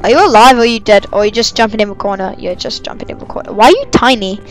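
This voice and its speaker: A gamer giving live let's-play commentary, excitable and given to sudden shrieks and yelps. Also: mid-range voice, racing. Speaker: gamer playing a chase game. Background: game music.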